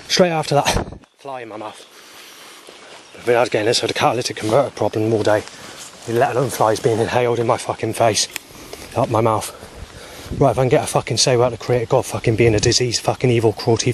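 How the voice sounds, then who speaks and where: A man's voice: medium pitch, a little hiss or hum. A man vlogging outdoors on a walk, talking agitatedly with heavy swearing into a handheld camera. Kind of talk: rambling outdoor video diary. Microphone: handheld camera he stops himself.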